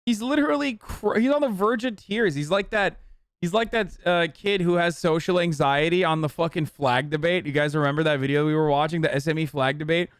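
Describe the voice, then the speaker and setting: A man's voice: a little high, fairly quick, clear, resonant tone, dry recording, studio quality. A man in his thirties streaming live, reacting with blunt, mocking, profane commentary.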